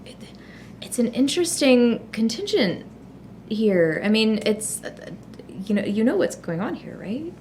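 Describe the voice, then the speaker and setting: Hesitant woman player, high-ish voice. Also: sing-song, unhurried, long pauses, darkish tone, a little hiss or hum. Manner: hesitant, restarts sentences with "so, so" and "like". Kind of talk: casual tabletop role-play.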